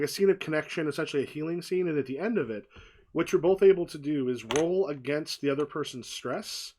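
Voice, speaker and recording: A man running a tabletop game as game master, rambling and repeating himself as he narrates. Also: fairly high pitch.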